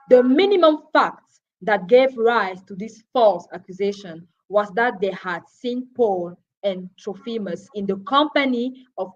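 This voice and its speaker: A woman giving a Bible teaching, going through names, chapters and verses and sometimes stumbling over her words. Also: mid-range voice. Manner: deliberate, with restarts and verse citations. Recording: dull lo-fi broadcast audio.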